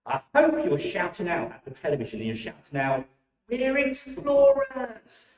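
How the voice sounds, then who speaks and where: A man leading children through warm-up exercises at a church holiday club, enthusiastic and encouraging, in a church hall. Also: mid-range voice, huge pitch swings, a little fast. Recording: echoey, dull sound from a distant mic.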